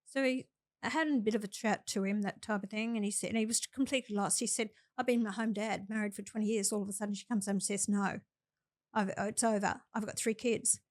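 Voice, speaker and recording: A woman's voice: medium pitch, fairly even intonation, quick pace, no echo. Older Australian woman, dry close sound. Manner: earnest, plain-spoken advice with anecdotes. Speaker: senator, guest. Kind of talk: interview conversation.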